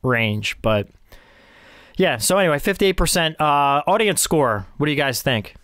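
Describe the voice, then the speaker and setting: Higher-voiced man hosting a movie podcast, dry sound. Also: lively intonation, unhurried, fairly bright tone, clear, resonant tone, dry recording. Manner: leads the segment, laughs often. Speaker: podcast host. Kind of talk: casual movie podcast chat.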